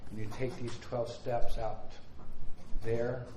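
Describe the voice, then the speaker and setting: A man's voice: mid-range voice, flat delivery, takes it slowly. A man sharing his recovery story at a meeting, talking candidly and joking in street slang. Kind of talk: personal recovery share. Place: meeting room with a laughing audience. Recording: echoey room with crowd and noise.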